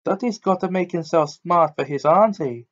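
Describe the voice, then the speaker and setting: A man's voice: a little high, normal speed, lo-fi sound, voice pushed up, close to an everyday voice. A man reading aloud and voicing a prim middle-aged aunt who fusses over her son. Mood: doting.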